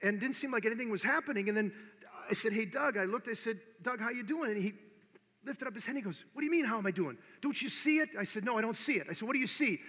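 A man preaching, telling a personal story with animated acted-out dialogue and swinging from hushed to loud exhortation. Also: very high voice, fast, slightly rough. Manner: animated storyteller, acting out both sides of the dialogue. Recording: long hall reverb.

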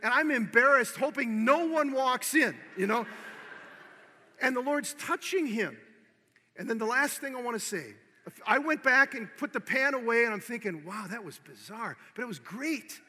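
High, bright-voiced man preaching in a hall. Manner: animated storyteller, acting out both sides of the dialogue; swings from hushed and tearful to loud exhortation. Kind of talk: sermon with a personal story. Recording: long hall reverb.

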